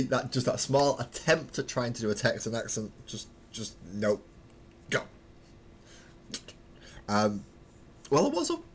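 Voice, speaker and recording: A man's voice: fairly low pitch, slight background noise. A man from Manchester chatting casually with his livestream viewers while painting miniatures, joking, swearing freely and laughing at himself. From Manchester, England.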